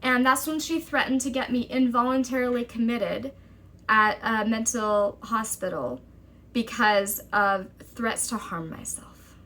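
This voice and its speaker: Bright-voiced woman telling a story. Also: on the high side. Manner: urgent, exasperated retelling with quick quoted dialogue. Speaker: vlogger. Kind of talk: personal storytelling to camera.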